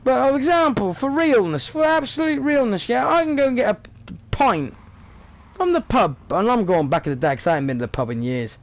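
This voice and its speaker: A man's voice: very high-pitched, big pitch swings, brisk. A British man in his thirties ranting sarcastically in a casual vlog, swearing often. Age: 30s. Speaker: vlogger.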